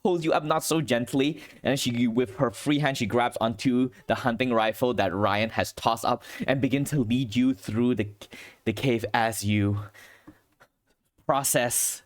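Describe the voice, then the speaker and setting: A man's voice: mid-range voice, measured pace. Man narrating a tabletop game. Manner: vivid, hedging with "sort of, like". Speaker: game master.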